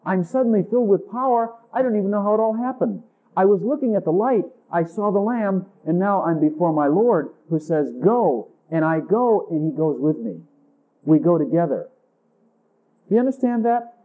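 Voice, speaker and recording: In tinny, phone-like audio, a man with lively intonation preaches intimately at a moderate pace. He acts out his dialogues with Jesus using a higher voice.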